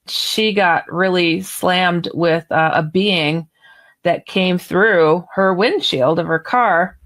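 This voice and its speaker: Woman guest author, lower pitch, animated chatty storyteller, radio interview. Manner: animated, chatty, laughs while telling.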